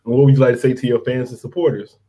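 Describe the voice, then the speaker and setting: A man's voice: mid-range voice, flat delivery, fast, mellow, husky. Teasing Mississippi man asking questions. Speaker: interviewer. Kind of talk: casual street interview.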